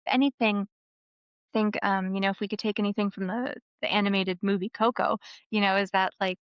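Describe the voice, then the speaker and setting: A woman in her thirties, a guest on a podcast, telling a family story in an animated, casual way. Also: medium pitch, a little fast, clean tone, no room sound. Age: 30s. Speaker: podcast guest, memoir author. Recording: dull lo-fi sound, dry.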